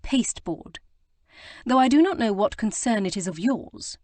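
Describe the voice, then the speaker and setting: A woman's voice: a little high, expressive, moderate pace, a little mellow, no room sound, pitched above the performer's own voice, lightly acted. A woman voicing a spirited, prim young Regency lady who speaks with emphatic, proper indignation. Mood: indignant.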